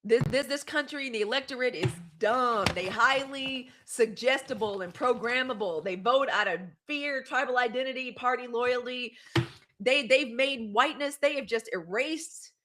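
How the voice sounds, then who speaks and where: A woman's voice: on the high side, a little hiss or hum. A woman hosting a casual livestream, talking commentary and reading out live comments. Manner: animated, reads live comments aloud. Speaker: host.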